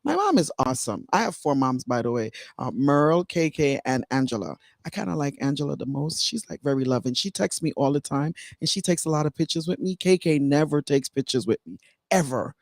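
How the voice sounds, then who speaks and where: A woman's voice: low-pitched, big pitch swings, fairly quick, dry recording, clean studio sound. A woman author telling her life story candidly on a radio show, digressing and fighting back tears. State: close to tears. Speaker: author and guest. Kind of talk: emotional personal storytelling.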